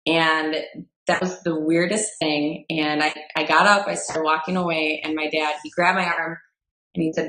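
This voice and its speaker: A woman's voice: low-pitched, flat delivery, moderate pace, a bit bright. A woman with a Midwestern American accent, a fitness trainer telling a personal story as a guest in a chatty way with many fillers. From Wisconsin, USA. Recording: roomy echo.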